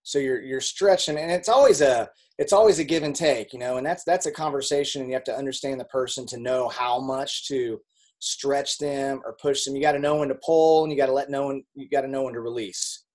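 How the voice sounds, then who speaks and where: A man hosting a team call, encouraging and upbeat. His pitch sits in a middle range for a man. He restarts phrases often as he builds to a point. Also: a little fast, darkish tone. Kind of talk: casual motivational chat.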